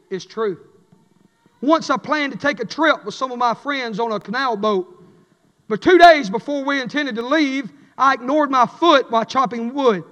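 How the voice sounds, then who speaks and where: A man preaching a fiery sermon, chanting and swinging between shouted lines and a low drawl. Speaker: pastor. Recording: echoey church hall.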